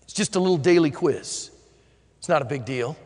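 A man preaching a sermon as a pastor, animated, dropping to a quiet voice for emphasis. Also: on the high side, normal speed, big-room sound.

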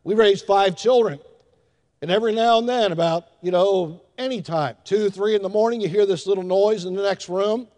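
An older man preaching a sermon in a church, telling folksy stories with emphatic shifts in loudness. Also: high-pitched, normal speed. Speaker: pastor. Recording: long hall reverb.

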